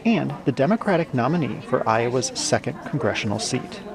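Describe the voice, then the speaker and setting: A man reading a scripted radio news report in a measured, even delivery. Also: medium pitch, vocal fry, a crowd in the background.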